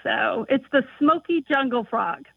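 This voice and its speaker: A woman from North Dakota calls in to a radio show, her high voice squeezed through a tinny phone line. She talks eagerly, pausing on fillers as she explains herself. The sound is dry with no room around it. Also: expressive, creaky, slightly rough, dry recording. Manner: enthusiastic, halting with fillers. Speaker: caller; biology teacher. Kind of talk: phone-in chat.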